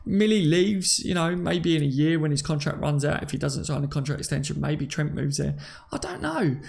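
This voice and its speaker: Brief: Cockney male host, chatty live-stream talker, slightly high gravelly voice, reads out viewer comments. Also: steady tone, a little fast, a little mellow. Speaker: fan channel host. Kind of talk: casual live-stream chat.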